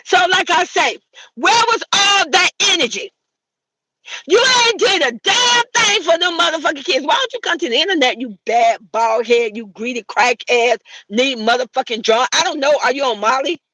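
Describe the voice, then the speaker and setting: A brash woman, swearing her way through a heated vlog rant. Her voice sits high and bright and swings widely in pitch. The sound is dry and close, with no room echo. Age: 60s. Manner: brash, swearing, trash-talking. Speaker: commentary vlogger. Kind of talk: heated profane rant to camera.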